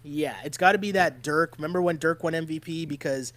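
This man co-hosts a casual sports show, speaking with animation and often seeking his partner's agreement with "right?". His voice is fairly high and his delivery fairly quick.

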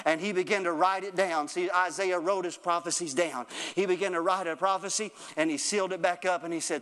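Man, preacher, high voice, sermon, repetitive cadence, calls to congregation, fervent. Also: fairly even intonation, a little fast, few pauses, fairly bright tone. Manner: builds to fervent, raised delivery.

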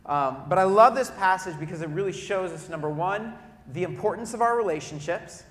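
A man preaching a sermon to a congregation in a church auditorium, telling lively stories and turning to the crowd with asides. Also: high-pitched, brisk. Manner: lively storytelling with audience asides, loud bursts when acting out cheering. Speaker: pastor. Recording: echoey hall.

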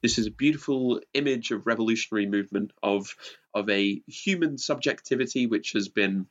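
A man's voice: lowish voice, brisk, lo-fi sound. A man co-hosting a podcast, talking theory in a jokey mock-academic way, stumbling and restarting. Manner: animated, laughs a lot, stumbling restarts. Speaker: podcast co-host.

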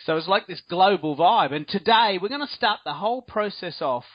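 A man's voice: sits high, lively intonation, fairly quick, no room sound. An enthusiastic, chatty man with an Australian accent, hosting a casual podcast chat. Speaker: podcast host. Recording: dull, dry lo-fi sound.

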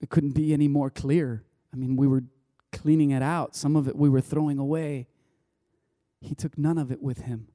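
A man delivers a sermon as a rambling, conversational story, stopping and restarting his sentences. His voice sits a little high but sounds deeply mellow and warm. The recording is close and dry, with no room sound. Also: level tone, normal speed, dry recording. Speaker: pastor.

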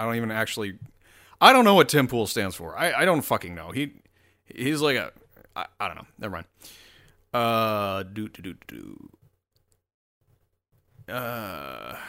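A man's voice: lowish voice, bright, forceful tone. A man giving casual, profane commentary while scrolling through posts, rambling and mocking.

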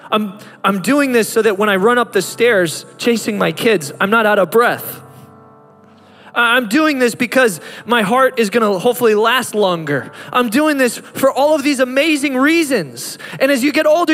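A pastor in his thirties preaches a sermon with impassioned delivery that climbs to fervent peaks. His voice is very high-pitched and a bit bright, recorded in a reverberant hall with music playing behind him.

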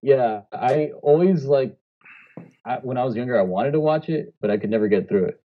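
A man co-hosting a podcast in relaxed banter, laughing often. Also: medium pitch, moderate pace. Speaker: podcast co-host. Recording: slightly dull lo-fi mic.

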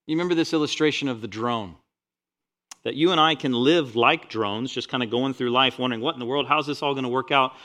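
A man pastor preaching a sermon, rising loud on scripture and dropping quiet for asides. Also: mid-range voice, brisk.

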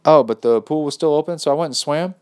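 A man's voice: on the high side, quick pace, a little mellow, clear, resonant tone. A man hosting a podcast, reading a listener's email aloud and breaking in with laid-back, jokey asides, calling people "dude.". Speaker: podcast host.

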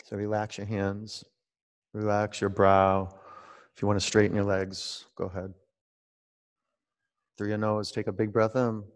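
A man guiding a yoga class at home, talking in a relaxed, conversational way and drawing out his cues. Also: on the low side, a little slow, long pauses, in a large hall. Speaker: yoga teacher. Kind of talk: guided yoga class instruction.

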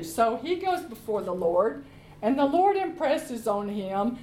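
A woman preacher retelling a story in a sermon, lively and acting out each quote. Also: high voice, takes it slowly, reverberant, a little hiss or hum, low-quality recording.

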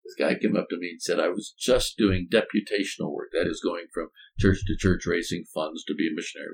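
An older man, a former college president, telling stories in a thoughtful, halting way with folksy turns of phrase. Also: low voice, creaky, poor audio. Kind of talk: reflective conversational storytelling.

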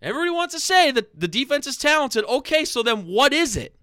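A man in a heated sports rant, shouting and swearing at his team. His voice sits high and swings wildly, with a smooth, sharp tone. The sound is dry and close. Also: big pitch swings, no room sound. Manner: angry, loud, swearing, fast repeated phrases.

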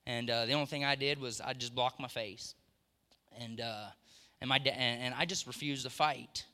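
A middle-aged man preaching a sermon in a church, telling family stories and building to excited emphasis. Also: mid-range voice, normal speed, clear, resonant tone. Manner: storytelling, rising to excited emphasis. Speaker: pastor. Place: church sanctuary. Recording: long church hall reverb.

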